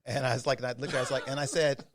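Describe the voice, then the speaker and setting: A man in casual chat on a podcast, telling a quick anecdote in a relaxed way. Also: mid-range voice, dry recording.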